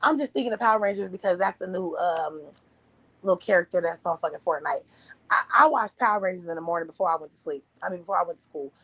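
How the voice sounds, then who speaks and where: A woman's voice: fast, a bit bright, no room sound, low-quality recording. Blunt, profane woman ranting on a livestream. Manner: blunt, profane, ranting, mimics others in a high voice. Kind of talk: casual livestream rant. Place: at home, partner asleep beside her.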